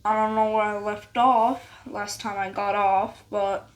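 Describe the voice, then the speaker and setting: Slow-talking woman giving gameplay commentary. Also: medium pitch. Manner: chatty, excitable outbursts, says "y'all" and "bro". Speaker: gaming video creator. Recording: noticeable background noise with game sounds.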